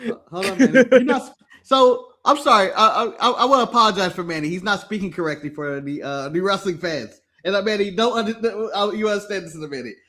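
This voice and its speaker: A man co-hosting a podcast, chatting casually, animated and often laughing as he mimics people. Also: high voice, quick pace. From United States. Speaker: podcast co-host.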